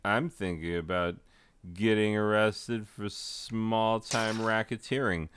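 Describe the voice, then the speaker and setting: A man rambling through joking, deadpan commentary while playing a game, with goofy asides and mock rapping. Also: fairly low pitch, takes it slowly, clear, resonant tone, dry recording. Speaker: gaming video host.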